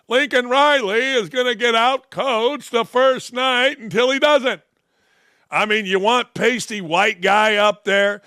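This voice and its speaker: A man's voice: sits high, moderate pace, pushed and bright, no echo, clean studio sound. A man in his sixties hosting a show, ranting in a mocking, sarcastic way with heavy emphasis. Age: 60s. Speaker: host. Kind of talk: sarcastic commentary rant.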